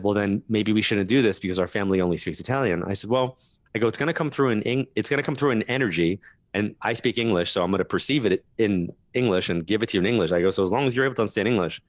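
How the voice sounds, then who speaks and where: Lively storytelling man, dry close sound. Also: lowish voice, no room sound. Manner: laughs through his stories, quick asides. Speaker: guest medium. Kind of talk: animated storytelling interview.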